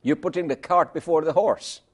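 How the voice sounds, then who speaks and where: A man preaching a sermon, emphatic, asking rhetorical questions and swinging between loud and soft. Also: fairly high pitch, normal speed, husky.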